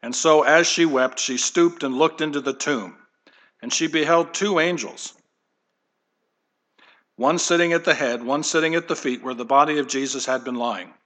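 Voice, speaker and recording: A man's voice: medium pitch, normal speed, pushed and bright. A man preaching a conversational sermon to his congregation, with light humor and asides. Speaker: pastor.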